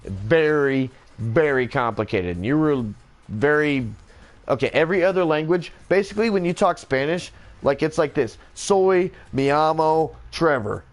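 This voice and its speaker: A man's voice: on the high side, lively intonation, normal speed. Rambling, profane man talking casually.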